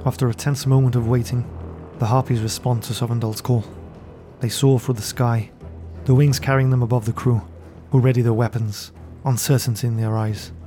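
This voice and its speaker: Man, game master, mellow warm voice, measured narration, faint music. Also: medium pitch, flat delivery. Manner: measured storytelling, then chatty sign-off. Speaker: game master and podcast host. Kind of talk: scripted fantasy narration. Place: podcast studio.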